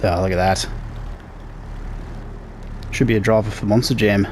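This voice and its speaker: A man hosting a casual let's play, relaxed and talking through each task as he plays. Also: on the low side, moderate pace, slight background noise. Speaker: gaming channel host.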